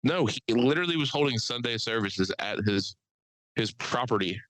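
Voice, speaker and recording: A man co-hosting a podcast in casual chat, an animated, profane storyteller. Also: medium pitch, normal speed, dry recording, poor audio. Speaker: podcast co-host.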